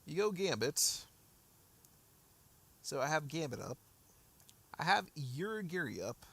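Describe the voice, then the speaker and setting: A man's voice: on the high side, big pitch swings, measured pace, fairly bright tone, breathy edge. A man streaming a game, talking casually and rambling with frequent restarts while answering chat, his voice a bit worn. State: losing his voice. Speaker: gaming streamer. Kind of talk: casual livestream commentary.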